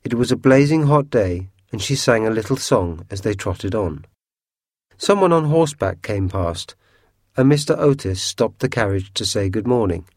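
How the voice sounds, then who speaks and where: A man narrating a storybook chapter with steady, clear storytelling. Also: on the low side, moderate pace, dry recording, clean studio sound. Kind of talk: storybook reading.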